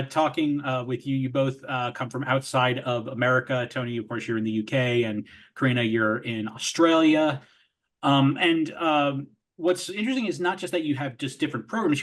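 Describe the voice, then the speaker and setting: A man hosting a panel interview who asks his questions haltingly, with many fillers. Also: medium pitch, expressive. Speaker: interview host.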